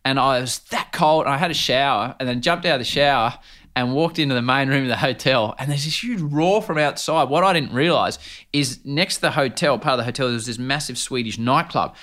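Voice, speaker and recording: A man's voice: mid-range voice, a little fast. An Australian man with an Australian accent, telling stories animatedly with slang and laughter in a casual interview. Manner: animated, laughing storyteller, rough Aussie slang. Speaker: sports commentator and podcast host.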